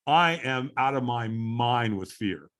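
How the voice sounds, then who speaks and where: A middle-aged man, a podcast guest, tells a story with animated repetition. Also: mid-range voice, slow pace. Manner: animated storyteller who repeats phrases for effect. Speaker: podcast guest, firewalking instructor.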